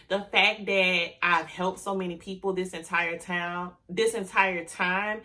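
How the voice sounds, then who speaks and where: Bright-voiced woman, heartfelt and grateful. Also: lowish voice. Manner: heartfelt, grateful, addresses viewers as y'all; emotional, near tears. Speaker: online business owner and YouTuber. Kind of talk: casual talk to camera.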